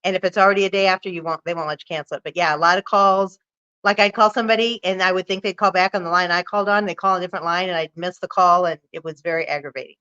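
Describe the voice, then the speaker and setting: Female co-host in her 40s, bright smooth tone, chatty and easygoing, dull lo-fi livestream audio. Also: lowish voice, fairly even intonation, very fast. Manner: chatty and easygoing, laughs often. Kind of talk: casual livestream chat.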